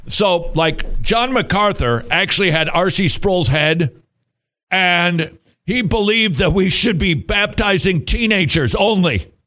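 A man hosting a Christian talk radio show, delivering a jokey, animated monologue with frequent laughs and playful asides. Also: sits high, slow pace.

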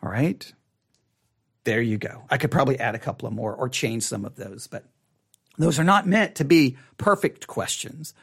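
A man teaching a Bible study method in a casual, animated way, often restarting phrases and acting out a reader's reactions. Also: medium pitch, normal speed, vocal fry, slightly rough.

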